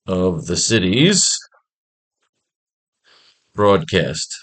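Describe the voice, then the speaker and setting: A man's voice: low-pitched, very animated, very slow, fairly bright tone. A man teaching a comic-writing class, recapping an old story in a rambling, sarcastic and profane way.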